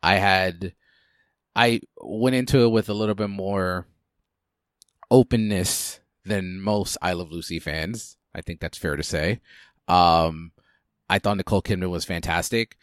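A man with a very low, deep voice talks through film picks in an easygoing, meandering way. He often stops and restarts his sentences. The sound is dry and close, with no room echo. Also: measured pace, a bit bright. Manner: chatty, hesitant with many restarts and fillers. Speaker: podcast co-host. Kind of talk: casual film discussion.

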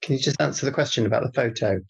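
Male comic co-host: gravelly fry, deadpan teasing, muffled lo-fi audio. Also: mid-range voice, racing. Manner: dry, teasing interviewer. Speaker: podcast co-host. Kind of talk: deadpan comedic banter.

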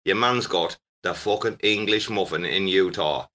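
A man hosting a casual chat, teasing and swearing, breaking into loud laughs. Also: low-pitched, normal speed. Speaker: host.

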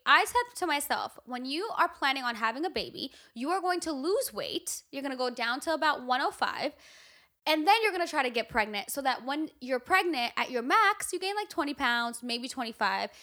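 A young woman co-hosting a casual chat, telling a story with lively, swearing candor. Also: sits high. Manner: animated storyteller, swears freely. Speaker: podcast co-host.

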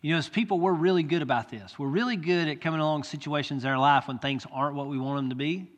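An earnest pastor with a slightly high voice talks fast, delivering a sermon in a church sanctuary, and rises to loud pleading when he quotes. The recording carries long church hall reverb, with the highs cut off.

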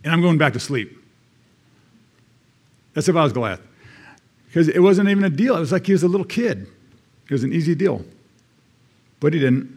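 A man's voice: a little high, lively intonation, fairly quick, long pauses, darkish tone, husky. American man preaching in a conversational way. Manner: conversational, reading scripture aloud with asides. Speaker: church elder preaching. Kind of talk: sermon.

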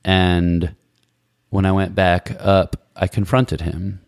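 Deep gravelly man telling a reflective story. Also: little pitch movement, takes it slowly, darkish tone, dry recording, clean studio sound. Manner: reflective, meandering, many restarts. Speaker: guest recalling Peace Corps service. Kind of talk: casual conversational storytelling.

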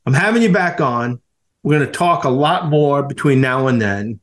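A man's voice: mid-range voice, lively intonation, moderate pace, a bit bright. An effusive man hosts a podcast, chatting casually and laughing often. His voice sits in a middle range, and he stumbles and repeats words as he goes. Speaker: podcast host. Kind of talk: casual interview chat.

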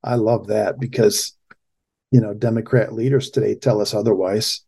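Male host, political commentary, emphatic, warm dark tone, raspy edge. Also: fairly low pitch, steady tone, normal speed. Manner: impassioned, emphatic. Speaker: talk show host.

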